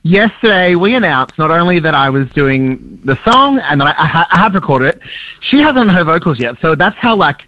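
An excitable man who laughs often, telling a story as a guest on a radio show. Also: on the high side, normal speed, no room sound, highs cut off. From Australia. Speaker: guest singer. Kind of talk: radio chat.

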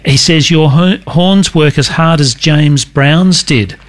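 Casting: male interviewer, a touch high, friendly and eager. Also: takes it slowly. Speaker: radio interviewer. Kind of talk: interview conversation.

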